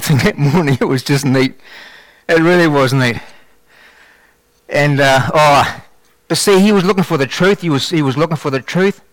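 A man telling a faith testimony in a sermon, with animated storytelling and frequent restarts. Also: a little high, no echo. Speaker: lay preacher giving testimony.

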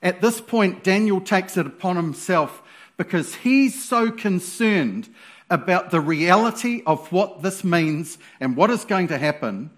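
A man preaching a sermon in an animated, playful way, with sudden loud exclamations. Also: high voice, unhurried.

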